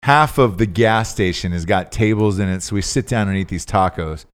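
A man chatting on a podcast, starting a story in a relaxed manner. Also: fairly low pitch, normal speed. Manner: relaxed storytelling, chimes in with short replies. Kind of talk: casual chat.

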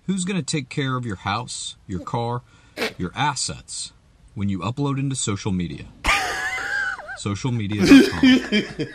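A man's voice: mid-range voice, measured pace, long pauses. Man reading a noisy mock commercial. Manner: deadpan announcer parody. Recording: noisy played-back clip.

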